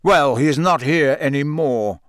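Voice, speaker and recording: A man voicing a gruff, grim older male wizard who talks slowly and mutters. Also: a little high, a bit bright, dry recording, studio quality. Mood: guarded. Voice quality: gruff, growling. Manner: slow, muttering.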